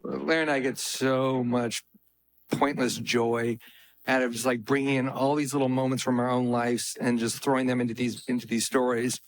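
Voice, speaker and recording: A man's voice: medium pitch, flat delivery, moderate pace, slight background noise, poor audio. A man, a screenwriter, telling a story on a panel with amused delight. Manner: amused storyteller, laughing as he tells it. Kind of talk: panel anecdote.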